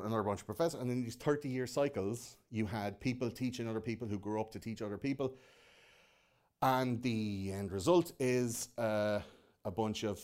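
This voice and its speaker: With a lowish, somewhat dark voice, a young man from Liverpool hosts a live-audience podcast. He rants in a relaxed, foul-mouthed way, throwing in mocking impressions as he goes.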